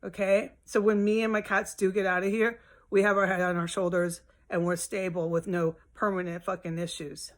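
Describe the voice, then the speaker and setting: An exasperated woman rambles through a profane, venting monologue from her home. Her voice sits at an ordinary middle pitch, and she talks the way people do in a casual vlog. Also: little pitch movement, normal speed, hardly any pauses. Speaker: vlogger.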